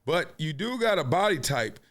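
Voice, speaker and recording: A man's voice: fairly high pitch, sing-song, normal speed, a bit bright. A man hosting a casual sports commentary show, joking and trash-talking, now and then breaking into freestyle rhymes. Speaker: host.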